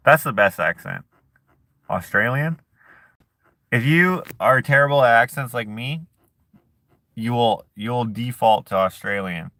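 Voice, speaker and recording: A man's voice: mid-range voice, animated, slow pace, pauses often, pushed and bright, no echo. A man hosting a casual live chat who reads viewer comments aloud and jokes and laughs at himself in a laid-back way. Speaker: streamer host.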